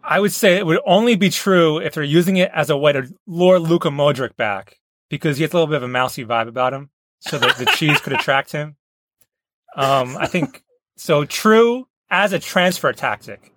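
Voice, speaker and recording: Comedy podcast co-host: man, jokey, animated delivery. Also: fairly high pitch, normal speed, no room sound. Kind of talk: casual comedy podcast chat.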